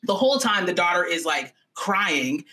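A young adult woman hosting a podcast who tells a dark fairy tale in an animated, profane, chatty way. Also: lowish voice, moderate pace. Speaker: podcast host. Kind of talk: comedic storytelling.

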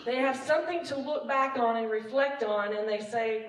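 A woman's voice: a little high, normal speed, hardly any pauses, distant mic. Laughing woman preaching in an echoey church. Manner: conversational and self-deprecating, laughing often. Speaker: praise and worship leader. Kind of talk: church testimony sermon. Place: church sanctuary. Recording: echoey room, mic from afar.

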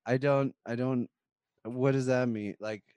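A man's voice: medium pitch, fairly even intonation, a little slow, a little mellow, clean tone, dry recording. A man from the American South, co-hosting a casual movie podcast and joking around. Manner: joking, laughs often, improvises crude song. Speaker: podcast co-host. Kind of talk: casual chat.

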